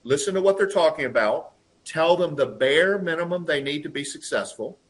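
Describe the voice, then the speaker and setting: A man in a conversational interview, telling workplace stories and acting out quotes in lively voices. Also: fairly high pitch, moderate pace. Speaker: guest, lean process consultant and trainer.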